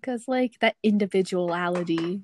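A woman's voice: medium pitch, moderate pace, dry recording. Woman co-host, giggly, dry close sound. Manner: giggly, laughs often. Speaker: podcast co-host. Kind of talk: casual chat.

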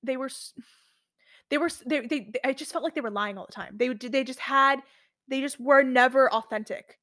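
Bright-voiced young woman, rambling chat. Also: high voice, brisk, dry recording, clean studio sound. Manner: rambling, heavy use of "like", frequent restarts. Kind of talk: casual chat.

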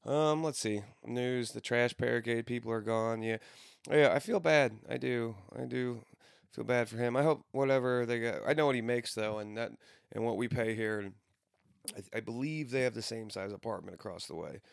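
A man's voice: medium pitch, normal speed, vocal fry, clean tone, dry recording, studio quality. A man in his thirties rambling through casual, profane stories with frequent restarts. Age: 30s.

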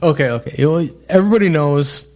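A man with a slightly higher voice tells a home story in casual conversation. He jumps into raised, animated impressions whenever he quotes someone. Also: fairly quick. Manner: animated, mimics his wife in a raised voice. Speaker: podcast guest.

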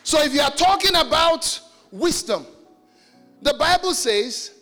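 A pastor preaches with emphasis and keeps calling out to his listeners. His voice sits high for a man. It rings through a reverberant church hall with soft music underneath. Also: lively intonation, a little slow, long pauses. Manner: emphatic, calls out to the congregation. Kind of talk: sermon.

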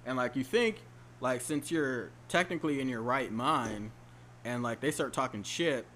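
A young man chatting casually with friends, telling animated, profane stories. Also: medium pitch, normal speed, slight background noise. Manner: animated storyteller, profane slang. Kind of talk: casual chat.

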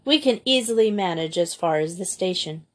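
A woman reading a gentle, firm young woman. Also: lowish voice, animated, normal speed, lightly acted. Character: gentle, capable young woman, caring older sister.

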